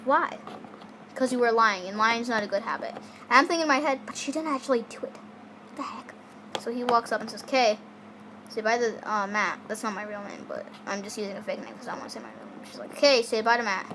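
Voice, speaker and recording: Chatty girl telling a story over hiss. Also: on the high side. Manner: rambling, lots of fillers and restarts. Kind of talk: casual storytime narration.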